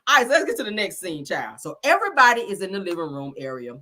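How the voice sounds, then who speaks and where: A woman's voice: lowish voice, very animated, fast talker, bright, forceful tone. A woman giving a sassy, chatty casual recap of a reality show, calling her listeners honey and child.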